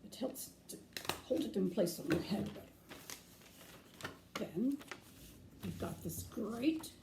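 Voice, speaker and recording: Taking it slowly, a woman speaks at a medium pitch with lively intonation and vocal fry. She hosts a children's craft lesson as a playful pirate, offering corny jokes and step-by-step instructions, heard through a distant mic in an echoey room with faint noise.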